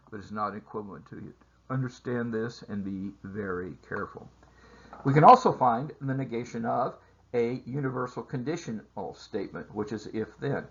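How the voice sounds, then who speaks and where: A man teaching a math lesson over slides, explaining steps in a measured way with frequent filler sounds. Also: medium pitch, bright, forceful tone, husky, dull audio. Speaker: math instructor. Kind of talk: recorded lecture over slides.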